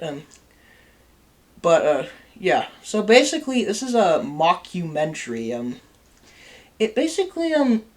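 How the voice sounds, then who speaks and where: Host of a home video review, loose and rambling, lots of fillers, quick to laugh, middle-pitched voice. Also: darkish tone. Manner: rambling, full of ums and likes; laughs easily, amused. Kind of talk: casual spoken review.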